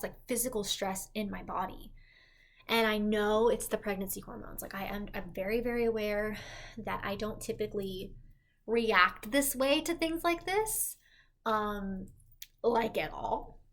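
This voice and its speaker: A woman's voice: medium pitch, fairly even intonation, normal speed. A pregnant young woman talking casually to camera, rambling and full of "like" fillers as she restarts her sentences. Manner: rambling, heavy use of "like", self-correcting. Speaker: pregnancy vlogger. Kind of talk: casual confessional vlog.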